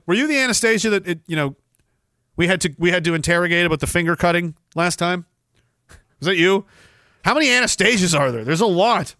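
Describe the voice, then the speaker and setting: A man's voice: on the high side, a bit bright, no echo, clean studio sound. A young adult man hosting a podcast, ranting sarcastically with profanity and rambling asides. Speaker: podcast host. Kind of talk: casual ranting commentary.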